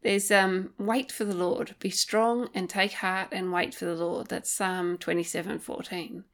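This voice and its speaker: A woman hosting a solo podcast, talking gently and earnestly, thinking aloud with frequent pauses and ums while offering faith-based encouragement. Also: mid-range voice, little pitch movement. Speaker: podcast host. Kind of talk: reflective solo podcast talk.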